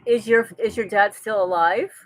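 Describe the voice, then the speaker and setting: A woman's voice: mid-range voice, normal speed, no room sound, low-quality recording. Dry-sounding woman chatting on a live stream. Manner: reads viewer comments aloud and answers them conversationally; chatty, with frequent restarts and light laughter. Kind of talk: casual live-stream chat.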